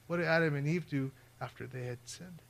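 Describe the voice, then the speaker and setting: Brief Male preacher, slightly higher voice, conversational sermon to a live crowd, quips, soft-to-loud swings. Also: fairly quick, gravelly, slight background noise. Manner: conversational, joking asides to the crowd; swings between hushed and loud. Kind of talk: sermon with personal storytelling. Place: before a live audience.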